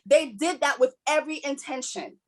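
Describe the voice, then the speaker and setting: A woman's voice: high voice, normal speed, a bit bright. A woman from Haiti speaking on a panel, emphatic and blunt, swearing freely as she makes her points. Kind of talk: impassioned panel talk.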